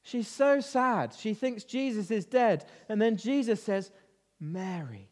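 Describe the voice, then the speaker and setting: A man leading an interactive Bible lesson for children, lively and constantly asking them questions. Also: extremely high pitch, measured pace. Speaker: children's talk leader. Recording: reverberant hall.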